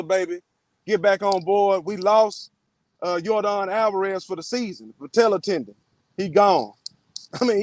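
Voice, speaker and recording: A man's voice: sits high, darkish tone, dry recording. A man hosting a casual sports podcast, loose and slangy, full of "man" and "y'all".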